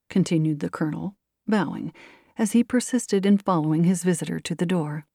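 A woman hosting and reading aloud a classic story in steady audiobook narration. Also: lowish voice, brisk, gravelly, no room sound, clean studio sound. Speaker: host and reader.

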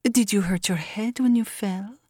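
A proud young ranch woman, put on by a female narrator, speaks in a deliberate, saccharine contralto. Her lines have a sugary, teasing edge and sound dry and close, as in a storybook reading. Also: medium pitch, a little mellow, breathy edge, dry recording.

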